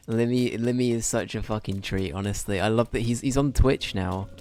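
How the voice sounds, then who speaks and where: Guy streaming a game, chatty and rambly, swears a bit, lowish voice. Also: normal speed, a little mellow. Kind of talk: casual livestream commentary.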